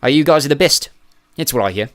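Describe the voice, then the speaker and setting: A hulking bodyguard who drawls in a New Zealand way, needling and cocky, voiced by a man reading an audiobook. His lines sit a little louder than the narration. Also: fairly high pitch, expressive, fairly quick, voice pushed up. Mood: taunting. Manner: drawling, taunting.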